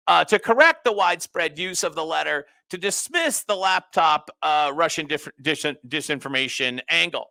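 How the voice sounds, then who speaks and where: A man's voice: fairly high pitch, bright, forceful tone, no room sound. A man hosting a show, talking through a political commentary monologue, reading quotes aloud and adding mocking, sarcastic asides. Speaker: host.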